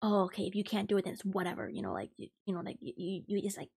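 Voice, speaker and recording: A woman's voice: mid-range voice, big pitch swings, very fast, gravelly, darkish tone, slightly rough, exaggerated voice. A woman quoting an irate, scolding co-worker. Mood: dismissive. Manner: insistent, berating.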